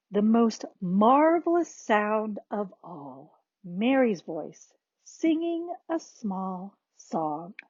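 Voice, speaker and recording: A woman slowly reading a children's picture book aloud in a soft, expressive manner. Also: mid-range voice, breathy edge, dry recording, lo-fi sound. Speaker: narrator. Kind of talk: slow storybook read-aloud.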